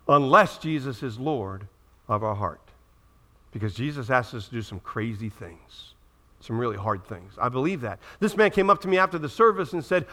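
A male pastor preaching a sermon, retelling scripture dramatically, swinging between loud bursts and hushed asides. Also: medium pitch, animated, normal speed.

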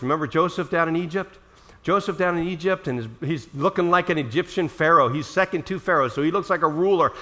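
A middle-aged man preaching a sermon as pastor, acting out quotes dramatically and swinging between loud and soft. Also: high voice.

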